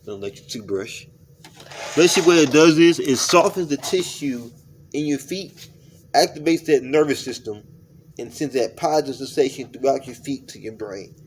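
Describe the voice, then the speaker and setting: Casting: male street interviewer, lively up-and-down delivery, easygoing and coaxing, faint street noise behind. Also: mid-range voice, moderate pace. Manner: relaxed, coaxing, counts out loud. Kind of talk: casual chat. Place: outdoors in public.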